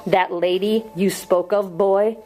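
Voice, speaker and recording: A woman's voice: medium pitch, fairly even intonation, slow, darkish tone, natural voice, rough recording. A woman voicing an earnest young male schoolteacher in an audiobook reading, pleading with strained patience.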